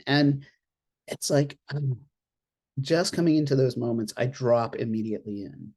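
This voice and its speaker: Chatty, expressive interfaith minister on a video call. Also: medium pitch, measured pace. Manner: chatty and expressive, laughs often, acts out reactions in quoted asides. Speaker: interfaith minister and board treasurer on an alumni panel. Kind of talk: casual panel talk. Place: at home in an apartment.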